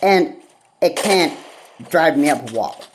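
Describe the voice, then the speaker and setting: A woman vlogger in a rambling solo rant, halting and repetitive, with frequent pauses and fillers. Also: low-pitched, lively intonation, slight background noise, rough recording.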